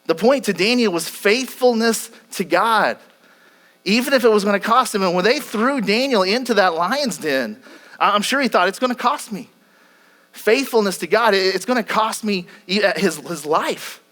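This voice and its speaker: A man's voice: sits high, expressive, moderate pace, a bit bright. A male pastor preaching a sermon, retelling a scripture story earnestly, with frequent repetitions and restarts.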